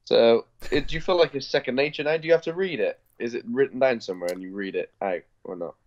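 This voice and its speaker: A man's voice: medium pitch, fast, highs cut off. A man with a Bristol accent co-hosting a podcast, rambling and teasing in casual chat. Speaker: podcast co-host.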